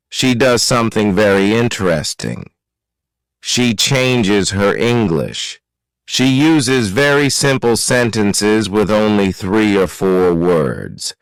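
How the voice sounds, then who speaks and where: A man narrates a graded reader story at a very slow, deliberate pace, every word clearly shaped. His voice is smooth and resonant, and the recording is dry and close, with no room around it. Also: fairly low pitch, no echo, rough recording. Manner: slow, careful, clearly articulated reading. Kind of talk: slow scripted narration for learners.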